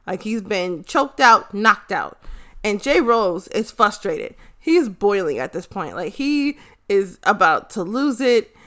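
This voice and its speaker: Bright, blunt woman recapping an episode. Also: mid-range voice, big pitch swings, slow pace. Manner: blunt, profane, rambling. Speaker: show recapper.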